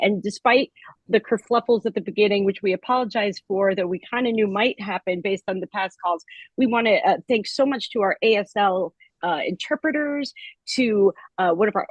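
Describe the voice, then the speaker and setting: A woman event organizer giving casual, relaxed thank-you remarks, with frequent fillers. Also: medium pitch, no echo, lo-fi sound.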